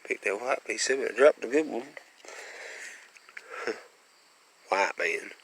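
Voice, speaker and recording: A man's voice: on the low side, lively intonation, slow pace, fairly bright tone, husky, rough recording. A man from Western North Carolina, talking casually in a rambling, folksy vlog and chuckling often as he goes along rural roads. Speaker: vlogger.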